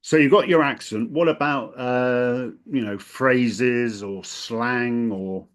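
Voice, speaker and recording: A man's voice: medium pitch, slow. A man from the south of England hosting a casual interview, asking short follow-up questions. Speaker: language coach host.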